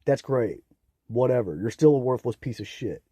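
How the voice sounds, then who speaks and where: A young man ranting angrily on his own, profane and bitter, swinging into loud outbursts. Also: mid-range voice, animated, normal speed, slightly rough, dry recording. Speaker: vlogger. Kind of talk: angry solo rant to camera.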